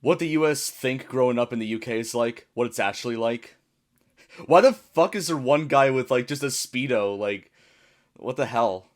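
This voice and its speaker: A man talking casually as a reaction host, his explanations wandering and chatty. His voice sits at an ordinary middle pitch for a man. He breaks into laughs often between thoughts. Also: normal speed. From United States.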